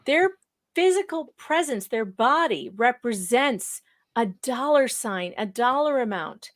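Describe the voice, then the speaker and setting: A woman speaking as a guest on a livestream panel, impassioned and quick to raise her voice when upset. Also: a little high, animated. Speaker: guest commentator.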